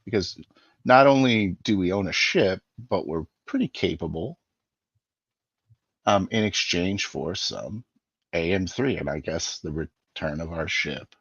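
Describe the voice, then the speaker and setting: Deep-voiced man haggling in character. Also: expressive, measured pace, fairly bright tone, slightly rough, no echo, dull audio. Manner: persuasive, haggling, with fillers. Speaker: player. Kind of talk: in-character tabletop role-play.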